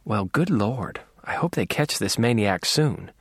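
A man's voice: lowish voice, lively intonation, a little slow, breathy edge, no echo, clean studio sound, exaggerated voice. A man voicing an earnest young woman who talks hesitantly and trails off as she searches for words. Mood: startled.

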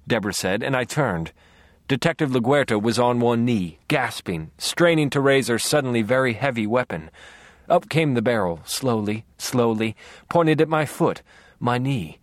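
A man narrating a dark first-person audiobook in a low, brooding, measured voice on a close studio mic. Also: expressive, dry recording.

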